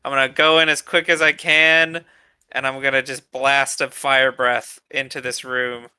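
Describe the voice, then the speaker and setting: A man playing a tabletop game, calmly describing his character's moves. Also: mid-range voice, moderate pace, clean tone, no room sound, studio quality. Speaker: player. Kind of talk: casual tabletop game chat.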